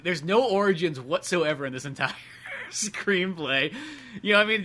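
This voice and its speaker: Man, podcast co-host, casual profane chat, bright tone, fairly high voice. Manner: loose, profane, laughing, puts on goofy voices.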